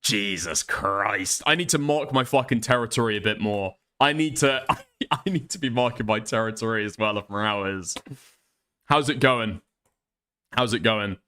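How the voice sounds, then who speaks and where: A man's voice: medium pitch, moderate pace, a bit bright, smooth. A man streaming live, reacting to a clip with profane, exasperated commentary and laughing asides.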